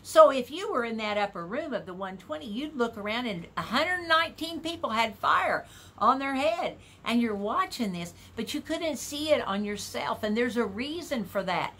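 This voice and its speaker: A woman preaching a sermon in a folksy, animated way, putting questions to the congregation. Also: fairly high pitch, normal speed.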